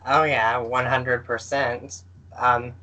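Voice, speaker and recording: A man's voice: medium pitch, flat delivery, pushed and bright, poor audio. A man co-hosting a podcast in casual chat, hesitant and full of fillers. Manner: slow and hesitant, with many fillers. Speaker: podcast co-host. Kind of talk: casual chat about games.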